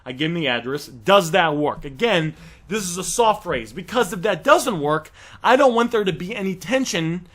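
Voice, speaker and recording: A man's voice: high voice, lively intonation, moderate pace, fairly bright tone. A man casually walking viewers through how he negotiates deals, acting out the text messages as he reads them. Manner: talks straight to viewers, acts out text exchanges. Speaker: online reselling coach. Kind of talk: casual instructional walkthrough.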